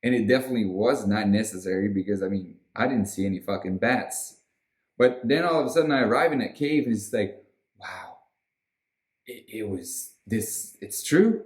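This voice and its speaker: A man's voice: fairly low pitch, fast. A man giving a casual weekly astrology forecast in an emphatic, rousing way with frequent swearing. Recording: roomy echo.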